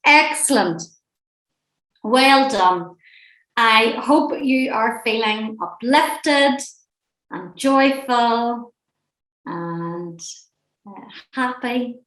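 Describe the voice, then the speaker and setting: Woman, leading a laughter and breathing class, encouraging, playful, slow-paced, echoey room on a laptop mic. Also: on the high side, expressive, fairly bright tone. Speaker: laughter and relaxation session leader. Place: indoor room at home, seated near a screen. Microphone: webcam or laptop mic on a video call. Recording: roomy echoey room sound.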